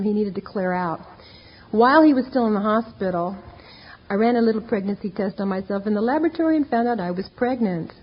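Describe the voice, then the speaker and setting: Husky woman telling her story on tape. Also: on the high side. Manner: candid, self-mocking, acts out dialogue. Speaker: speaker sharing her recovery story. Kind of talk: personal testimony talk to an audience. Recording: dull lo-fi tape recording.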